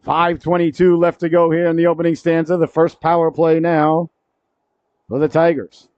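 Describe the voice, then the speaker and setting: A man calling a high school hockey game play-by-play, cracking jokes between plays and shouting on goals. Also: flat delivery, normal speed, clean tone, dry recording. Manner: jokey asides, rises sharply to shouts on goals. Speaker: play-by-play commentator. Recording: dry, dull lo-fi broadcast audio.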